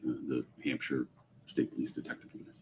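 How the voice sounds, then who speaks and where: Very deep-voiced man testifying in court. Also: level tone, a little mellow. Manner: measured, formal answers. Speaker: forensic witness.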